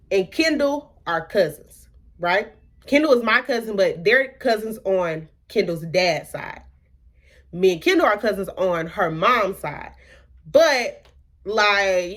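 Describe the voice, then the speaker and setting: A young woman from the American South telling a dramatic personal story in a casual vlog, full of rhetorical questions and quoted dialogue. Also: on the low side. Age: young adult. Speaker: vlogger.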